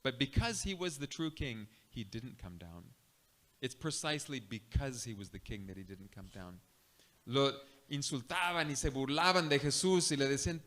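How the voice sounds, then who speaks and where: A man, a missionary preacher, giving an animated sermon that switches between two languages in a church. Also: mid-range voice, normal speed. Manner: animated storytelling. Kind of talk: bilingual sermon.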